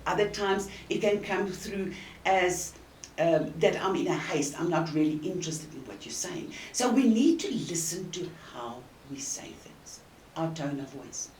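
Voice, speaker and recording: A woman with a South African accent giving an earnest, emphatic coaching talk to the camera, with deliberate pauses. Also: low voice. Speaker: communication coach. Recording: roomy and distant with faint hiss.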